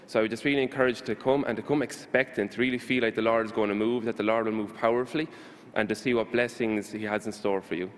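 A man from Ireland with an Irish accent, a young missionary gently encouraging a parish congregation. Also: fairly low pitch, fairly even intonation, fast, big-room sound. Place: church.

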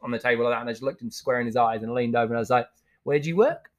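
A man's voice: mid-range voice, rapid-fire. A man in his forties, a chef guest on a podcast, telling blunt, profane stories and acting out what people said. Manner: blunt, profane, animated storyteller acting out quotes. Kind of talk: casual storytelling chat.

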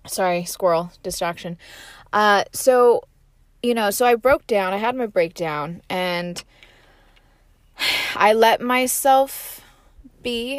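A woman's voice: mid-range voice, no echo. Candid, rambling woman with a dry sound. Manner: candid and rambling, many fillers like "like" and "right?". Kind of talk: casual motivational monologue.

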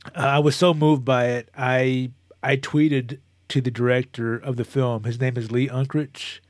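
A man chatting casually as a co-host, telling a long, animated story with many restarts and moments of emotion. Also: mid-range voice, a little slow, dry recording, studio quality. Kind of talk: casual chat.

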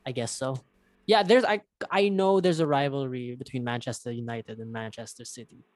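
A man's voice: medium pitch, moderate pace, no room sound. A man from the Philippines, co-hosting a podcast in casual chat, rambling with lots of fillers and restarts. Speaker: podcast co-host.

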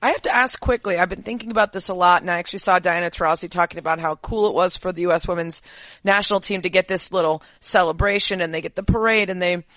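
A woman's voice: fairly low pitch, fast talker, fairly bright tone, no echo. A woman hosting a podcast, chatting casually and asking long, thoughtful questions. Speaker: podcast host. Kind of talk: casual interview chat.

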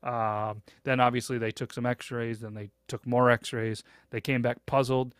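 A man's voice: mid-range voice, level tone, a little slow, clean tone, dry recording. A young man tells a story on his podcast in a loose, meandering way, stopping often to find his words. His voice sits in an ordinary middle register. The sound is close and dry, with no room around it. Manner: rambling, full of hesitations and "you know" fillers. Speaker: podcast host. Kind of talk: casual storytelling.

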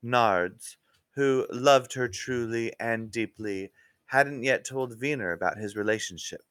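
A man narrating a mystery story in an unhurried, expressive way. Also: medium pitch, dry recording.

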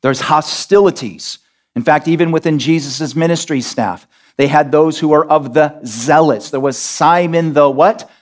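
A man's voice: a little high, normal speed. A man preaching as pastor, reading scripture aloud and drawing call-and-response from his congregation. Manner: reads scripture aloud, then unpacks it. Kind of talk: sermon.

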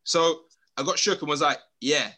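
A young man hosting a casual podcast chat, slangy and animated, telling stories with lots of laughter. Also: a little high, normal speed. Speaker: podcast host.

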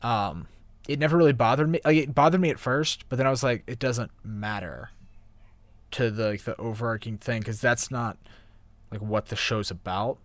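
Young man, mid pitch, easygoing, hesitant, dry close recording. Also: moderate pace, no room sound. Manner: easygoing, hesitant, many fillers. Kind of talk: casual anime review chat.

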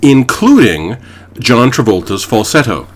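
A young Canadian man co-hosts a casual podcast, telling long, rambling stories full of fillers. His medium-pitched voice is very animated and a little slow, with a faint hiss or hum in the audio.

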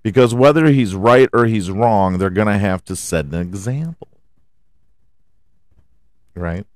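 A man's voice: fairly low pitch, a little slow, a little mellow, dry recording. A man hosting a podcast, ranting about his football team in a heated, profane way and firing off rhetorical questions. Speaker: podcast host. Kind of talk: profane sports rant.

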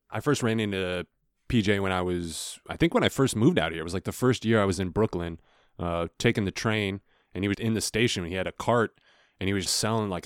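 A young podcast host tells a casual story, laughing and animated, with plenty of swearing. His voice is low, and the recording is studio quality with no echo.

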